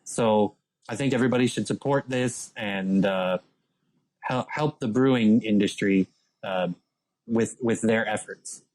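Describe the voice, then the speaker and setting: A man's voice: on the low side, unhurried, darkish tone, poor audio. A man co-hosting a podcast in casual chat, easygoing and using fillers. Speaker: podcast co-host.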